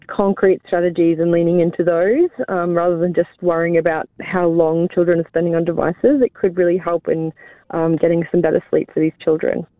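A woman's voice: fairly low pitch, no echo. Woman on a tinny phone line. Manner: chatty, frequent ums and light laughs. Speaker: sleep researcher guest. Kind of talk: phone interview.

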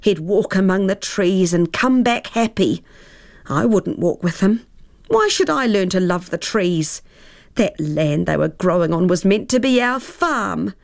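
A woman's voice: medium pitch, big pitch swings, unhurried, creaky. A woman voicing a bitter, shivering old great-aunt ghost in a storybook reading, her voice shaky and tearful.

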